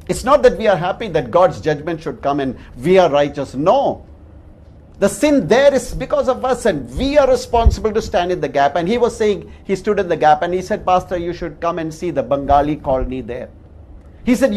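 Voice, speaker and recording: A man's voice: sits high, very animated, normal speed, darkish tone. A man, a pastor preaching a sermon and telling stories with chuckles at his own anecdotes.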